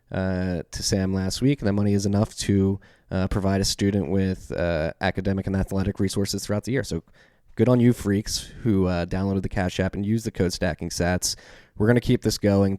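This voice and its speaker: A man's voice: low voice, mellow, no room sound, clean studio sound. A man with a Philadelphia accent hosting a podcast, reading the intro and the sponsor spots in a loose, off-the-cuff way with many fillers and self-corrections. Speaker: podcast host. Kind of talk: casual podcast intro and ad reads.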